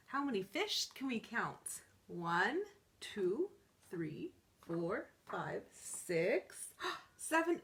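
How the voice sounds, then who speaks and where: A children's librarian reading aloud to little kids, her higher voice swooping up and down in a bouncy sing-song. She takes her time, stretching out words and counting along slowly. Her delivery is full of playful gasps and delight. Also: sing-song, a bit bright. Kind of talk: reading picture books aloud to young children.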